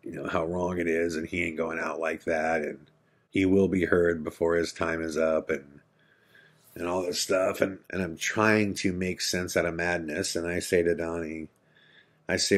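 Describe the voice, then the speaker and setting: A man with a very low, deep voice hosts a podcast and recounts a personal story. His telling is intense and earnest. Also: little pitch movement, normal speed. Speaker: podcast host.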